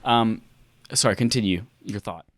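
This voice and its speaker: A man's voice: fairly low pitch, moderate pace, no echo. A man hosting a casual gaming podcast, joking around and reading news with playful asides. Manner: jokey, animated, reads news with playful asides. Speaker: podcast host.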